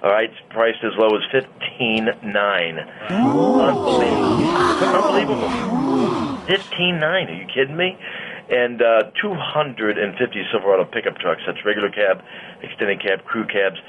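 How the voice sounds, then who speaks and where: A man's voice: fairly low pitch, moderate pace, background noise. A man appearing as a guest on talk radio, a car dealer who chats jovially and hypes his deals. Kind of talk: casual chat and sales pitch.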